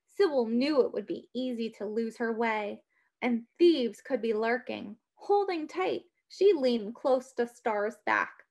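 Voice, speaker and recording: A woman reading a children's story aloud with an expressive, dramatic delivery. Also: on the high side, slow pace.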